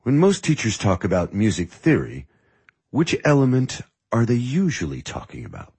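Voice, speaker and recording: Guy reading a chill teasing music teacher, husky lowish voice, swings up and down a lot. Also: huge pitch swings, a little mellow, exaggerated voice. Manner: patient, teasing, measured. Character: calm, wry male music teacher. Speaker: music mentor. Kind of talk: audiobook dialogue.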